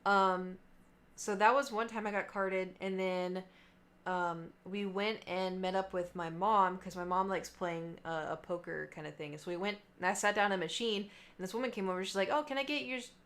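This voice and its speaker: A woman's voice: lowish voice, moderate pace. Late 20s streamer girl just chatting, lots of ums and tangents. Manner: chatty, animated, many fillers and trailing asides. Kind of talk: casual storytelling chat.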